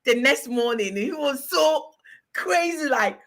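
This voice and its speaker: A woman's voice: high voice, lively intonation, slow pace, a bit bright. A woman in her forties chatting frankly as host, laughing often and switching languages mid-sentence. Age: 40s. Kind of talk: casual chat.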